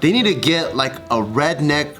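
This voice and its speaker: A man's voice: fairly high pitch, normal speed, faint music behind. A man in a casual group chat making joking remarks. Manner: joking, animated. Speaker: commentator.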